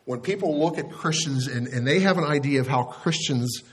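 A man's voice: medium pitch, normal speed. A middle-aged male pastor preaching a conversational sermon, with casual asides and questions to the congregation.

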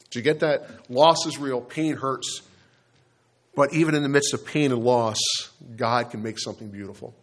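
A man preaching a sermon, telling a story and speaking straight to the congregation, slowing down on the key points. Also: medium pitch, steady tone. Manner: storytelling, addresses the congregation directly, slows down for emphasis. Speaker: pastor.

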